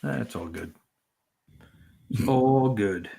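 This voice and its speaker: Easygoing man with a low voice. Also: animated, very slow, vocal fry, dark tone, husky. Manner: easygoing, rambling. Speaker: livestream co-host. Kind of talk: casual chat reading viewer comments.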